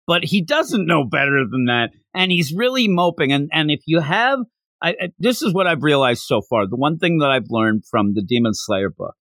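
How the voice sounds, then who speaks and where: A man's voice: on the high side, normal speed, no echo. A man hosting a casual chat who talks animatedly and acts out characters as he goes. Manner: animated, acting out characters, laughing. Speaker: podcast host.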